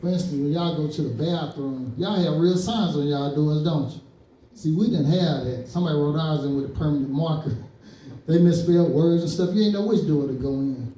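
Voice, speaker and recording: A man's voice: a little high, fairly quick, warm tone. Male stand-up comedian from East Saint Louis, storyteller who acts out quotes, recorded in an echoey club, mic at a distance. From East Saint Louis, Illinois. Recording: roomy club sound from a distance.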